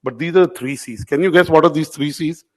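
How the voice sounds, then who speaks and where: In an event hall, a middle-aged media company owner gives an informal keynote to award winners, speaking a bit fast in a voice on the high side. He tells anecdotes and calls out audience members by name, and the recording is rough.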